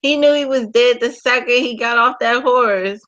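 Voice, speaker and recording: Woman, forties, higher voice, profane comic co-host. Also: normal speed, lo-fi sound. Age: 40s. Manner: animated, profane, joking. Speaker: podcast co-host. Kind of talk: casual chat.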